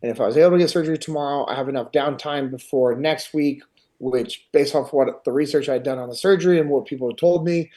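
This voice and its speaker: Podcast host, middle-aged man, animated casual storyteller, mid-pitched voice. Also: fast talker. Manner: animated retelling, acts out others' lines.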